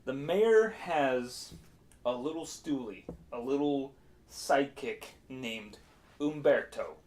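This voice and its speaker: A man's voice: mid-range voice, expressive, slow, darkish tone. A man talking casually on a stream as game master, rambling with many fillers and laughs.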